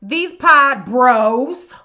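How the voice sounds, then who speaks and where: Woman, high voice, bright and sharp, profane live-stream rant, contemptuous. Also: lively intonation, very slow. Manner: greets chat viewers by name. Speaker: livestream host. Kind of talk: live political commentary.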